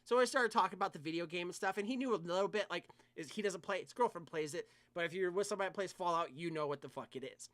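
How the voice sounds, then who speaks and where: A man telling a long, rambling, profane anecdote in casual podcast chat, animated and quick to swear. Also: high-pitched, dry recording. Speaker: podcast co-host.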